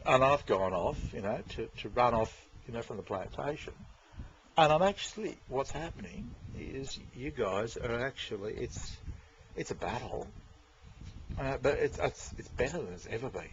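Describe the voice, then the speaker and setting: A man in a casual, rambling monologue to his viewers, who repeats himself and swears. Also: mid-range voice. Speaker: vlogger talking to viewers. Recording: dull lo-fi with faint noise.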